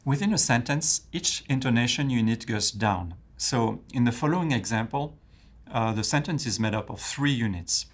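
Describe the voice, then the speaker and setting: Clear-spoken man teaching French phonetics. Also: mid-range voice, lively intonation, moderate pace. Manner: clear teaching tone, asks the guest questions. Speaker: French pronunciation teacher, host. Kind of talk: explanatory lesson dialogue.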